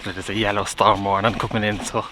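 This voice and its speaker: A man's voice: on the low side, level tone, fairly quick, background noise. An Irish man chatting casually to camera while out hiking, talking in a loose, rambling way. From Ireland. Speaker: vlogger hiking. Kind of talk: casual on-the-go commentary. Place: outdoors on hills and a beach in wind and rain.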